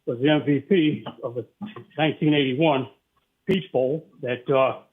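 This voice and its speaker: A man's voice: medium pitch, steady tone, measured pace. A man from upstate New York calling into a radio show, out of breath and rambling with many fillers as he gets worked up. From Saratoga Springs, New York. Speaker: caller. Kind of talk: phone-in call to talk radio. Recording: tinny phone line.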